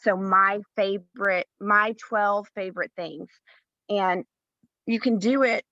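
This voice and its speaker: A woman's voice: medium pitch, slow pace, bright, forceful tone, no echo, dull audio. A woman co-hosting a round-table chat, talking in a chatty, encouraging, self-deprecating way. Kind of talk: casual chat.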